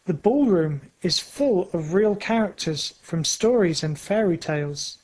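A storyteller reading a children's story aloud in plain, simple, measured sentences. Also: mid-range voice, animated, a little mellow. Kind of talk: slow storybook narration.

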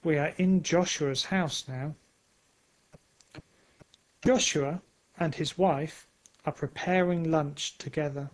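A man narrating a simple storybook slowly and clearly. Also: on the high side, steady tone, rough recording. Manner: slow, clear, simple phrasing.

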